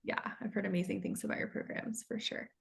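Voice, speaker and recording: A woman's voice: mid-range voice, fairly even intonation, brisk, creaky, slightly rough. A woman hosting a casual interview, affirming her guest in a chatty, encouraging way. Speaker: podcast host.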